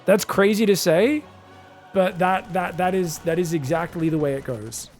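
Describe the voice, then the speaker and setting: A man giving live commentary on a strategy game match, chatty and excitable, breaking into loud shouts at big plays. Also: sits high, normal speed, faint music behind. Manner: chatty, addresses viewers directly. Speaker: esports caster.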